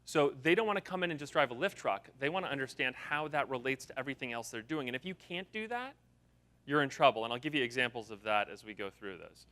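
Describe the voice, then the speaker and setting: A man giving a conference keynote speech, an energetic storyteller who acts out the quotes he tells. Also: medium pitch, fast talker. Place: conference hall.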